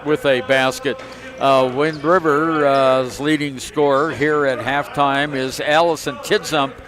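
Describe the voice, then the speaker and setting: A man co-hosting casual halftime commentary at a high school basketball game, reading out stats steadily with folksy asides. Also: a bit bright. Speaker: color commentator.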